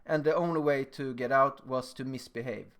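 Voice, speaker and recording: A young man giving a lecture, telling personal stories in an animated, emphatic way and acting out moments. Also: medium pitch, normal speed.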